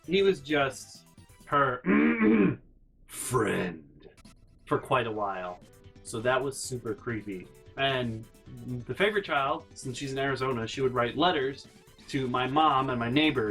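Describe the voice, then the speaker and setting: A man's voice: medium pitch, a bit bright. A man telling a story as a vlog host, exasperated and incredulous, sick and a little out of breath. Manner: exasperated, incredulous rants with repeated no's. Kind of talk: casual storytelling monologue.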